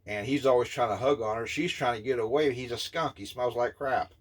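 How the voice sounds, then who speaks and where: A man in his fifties giving an indignant, scornful opinion rant, blunt and halting, with many filler pauses. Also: mid-range voice. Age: 50s. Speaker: vlogger.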